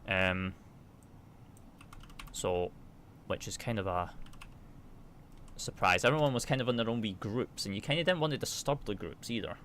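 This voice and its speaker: UK man streaming a flight sim, chatty and relaxed, reads figures aloud, lowish voice. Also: moderate pace, pauses often, slight background noise. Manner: chatty, reads checklist numbers and answers chat aloud. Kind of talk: casual chat while flying a simulator.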